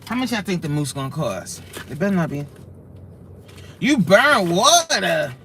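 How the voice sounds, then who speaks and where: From her car, a woman hosts a casual livestream, chatting with viewers, exclaiming, and reading their comments out loud. Her voice is low-pitched, very animated, and fast, with a little hiss or hum in the recording.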